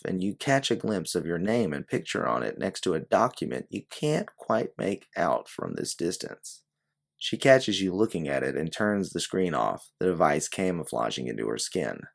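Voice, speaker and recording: A man reading a story aloud in measured, scripted narration. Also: extremely low pitch, gravelly. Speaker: audiobook narrator. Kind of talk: scripted second-person narration.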